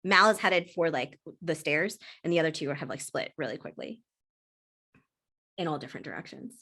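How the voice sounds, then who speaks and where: A woman runs a tabletop game, her voice sitting a little low. She explains the rules in a relaxed, rambling way, circling back and restarting. She narrates scenes in the same easy tone. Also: normal speed. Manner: casual, explanatory, with frequent fillers and restarts. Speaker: game master.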